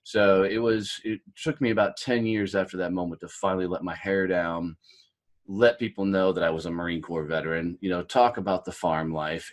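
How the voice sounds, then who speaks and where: A man in his early forties talks as a podcast guest, folksy and energetic. His light Southern American twang sits in a lowish voice, and he calls the host dude and brother. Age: 40s. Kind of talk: casual podcast interview.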